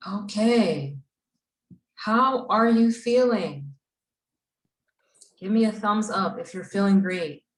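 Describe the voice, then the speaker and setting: A woman leading a gentle guided breathing and mindfulness exercise for a group of children at a camp. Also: mid-range voice, expressive. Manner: slow, gentle, soothing guidance. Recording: echoey room, voice from far off.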